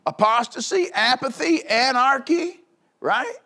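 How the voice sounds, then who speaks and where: Male pastor, high voice, fiery pulpit delivery with lots of call-and-response. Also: animated, a little slow. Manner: emphatic preaching with frequent call-outs for agreement; swings between low rumbling asides and loud high outbursts. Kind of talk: fiery sermon.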